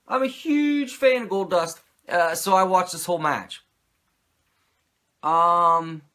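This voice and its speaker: A man's voice: a little high, a bit bright. A man who hosts a podcast, giving a casual, profane and rambling recap of a wrestling show with many fillers. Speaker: podcast host.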